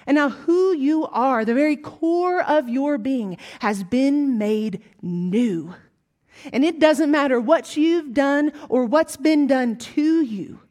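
A woman with a Southern US accent preaching a sermon, with emphatic rising lines and hushed, whispered asides. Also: high voice, lively intonation, slow pace.

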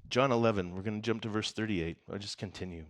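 A man preaching a casual sermon and reading scripture aloud. He talks conversationally, jokes and laughs often, and swings from soft, quiet passages to loud emphasis. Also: fairly low pitch, quick pace. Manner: conversational and joking, breaks into laughter. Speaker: pastor.

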